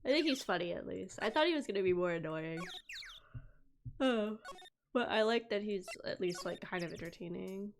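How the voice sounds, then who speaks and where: A woman's voice: mid-range voice, animated, moderate pace, slight background noise. A young adult woman streaming a game, joking crudely and offhand in casual let's-play commentary.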